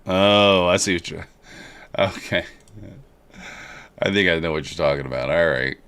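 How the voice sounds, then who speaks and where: A man casually commenting live while trading and chatting with viewers in a relaxed, joking way. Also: deep voice, measured pace, smooth, no room sound. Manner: relaxed, chatty, jokes with chat. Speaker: livestream trader.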